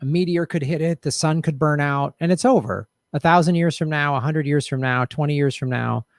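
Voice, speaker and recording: Here a male host muses casually to his viewers in live chat, wandering off track with lots of fillers and restarted thoughts. His voice is a little high and fairly quick. The audio is a clean studio recording with no echo.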